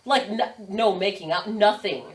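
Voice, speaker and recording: A woman's voice: mid-range voice, moderate pace, far from the mic. A young adult woman, a podcast guest, telling a story in casual chat, swearing and laughing often. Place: podcast studio.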